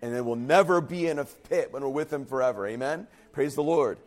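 A man preaching a sermon in an earnest, emphatic way, and his voice at times falters and turns quiet and husky. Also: mid-range voice, fairly quick. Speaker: pastor.

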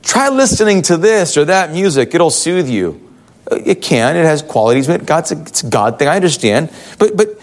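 A man's voice: a little high, very animated, normal speed. A male pastor giving a conversational sermon in a church, full of rhetorical questions.

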